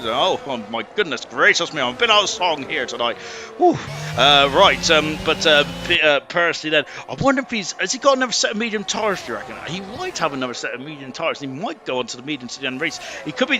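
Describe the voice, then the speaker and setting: A man giving live commentary on a sim racing league, excitable and rambling, full of fillers and exclamations. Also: fairly high pitch. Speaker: esports race commentator.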